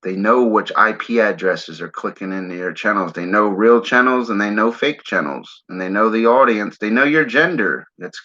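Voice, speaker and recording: A man's voice: lowish voice, sharp tone. A man from the Philadelphia area hosting a casual livestream, rambling and saying "man" a lot while he smokes. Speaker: livestream host. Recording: dull lo-fi stream audio.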